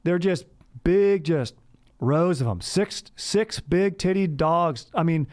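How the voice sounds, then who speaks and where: A man's voice: a little high, takes it slowly, darkish tone. Rambling surfer-bro man saying dude. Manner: surfer-bro slang, says "dude" constantly; rambling, restarts and fillers. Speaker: podcast host. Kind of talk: comedic bro-character monologue.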